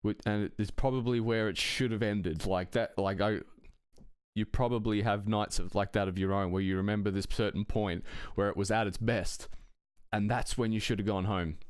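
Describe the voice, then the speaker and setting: Casting: man, low and smooth voice, loose profane storyteller, dry close sound. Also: steady tone, normal speed, no room sound. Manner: rambling, profane, chuckling between phrases. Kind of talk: casual anecdote telling.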